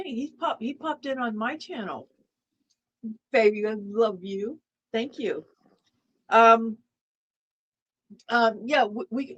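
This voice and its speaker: A woman's voice: on the high side, rough recording. Rambling woman co-host, eating while talking. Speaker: livestream co-host. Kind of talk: casual livestream chat.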